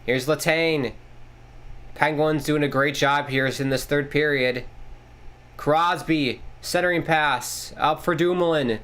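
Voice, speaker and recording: A man hosting a casual live watchalong, calling the play-by-play excitedly and swearing casually. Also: takes it slowly. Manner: excitable, jumps pitch on big plays, swears casually. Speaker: watchalong host.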